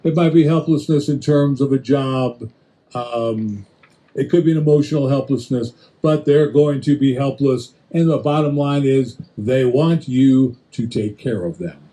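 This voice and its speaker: Mellow-voiced male preacher teaching. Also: medium pitch, low-quality recording. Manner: talks straight to listeners with quick restarts and acted-out asides. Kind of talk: conversational Bible teaching.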